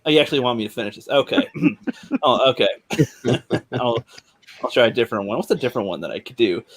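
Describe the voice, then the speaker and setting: A playful, giggly woman co-hosting a podcast in casual chat. Her pitch swings lively and melodic as she jokes around. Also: fast talker, husky. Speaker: podcast co-host.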